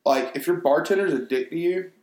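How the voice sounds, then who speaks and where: A man's voice: a little high, a little fast, a little mellow. A man in his twenties chatting casually, easygoing and thoughtful, hedging with fillers. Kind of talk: casual chat. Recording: echoey room.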